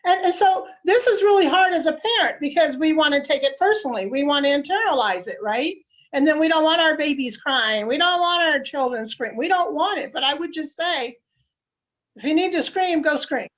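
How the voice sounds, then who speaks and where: High-pitched woman, earnest parenting coach, animated advice talk. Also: brisk. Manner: earnest, coaching, acts out what she says to her child. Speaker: mother and life coach guest.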